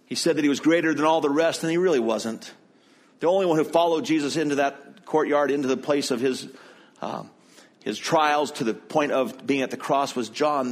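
A man preaching a sermon, retelling a scripture story in a conversational, storytelling manner. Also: a little high. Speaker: pastor.

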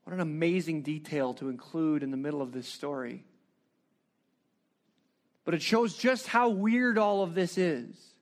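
High-voiced man preaching with animated questions. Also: a little slow, long pauses. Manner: animated storytelling with rhetorical questions. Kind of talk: sermon.

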